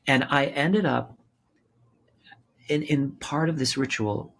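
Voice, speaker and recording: In a candid podcast interview, a man in his sixties, an author and actor, tells his story with passion, repeating words for emphasis and swearing freely. His mid-range voice is fairly bright, with vocal fry and a slow pace.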